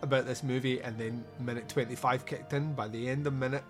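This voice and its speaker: A man's voice: medium pitch, steady tone, faint music behind. A man hosting a podcast, reviewing a movie in casual, sarcastic chat with frequent laughs. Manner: laughing, sarcastic, quick asides. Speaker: podcast host.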